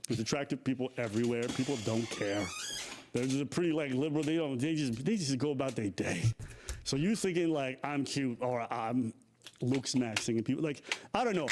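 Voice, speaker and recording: A man's voice: mid-range voice, expressive, fast, a little mellow. Man, casual chat, mocking, faint noise behind. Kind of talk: casual commentary clip.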